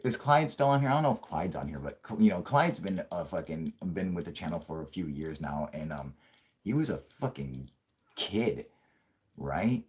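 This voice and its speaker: A man's voice: sits low, sing-song, moderate pace. A man in his late thirties hosting a live stream, rambling casually with constant swearing and laughter. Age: 30s. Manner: crude, profanity-heavy rambling with frequent laughs; puts on a yelling grumpy old man for jokes.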